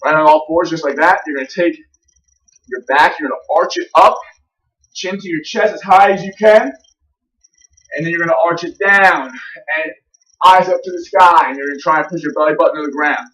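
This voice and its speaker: A man working as a fitness trainer, demonstrating a warm-up routine and checking in often with a quick "okay?", breathing a little heavy from the exercise. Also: fairly high pitch, recorded from a distance, low-quality recording.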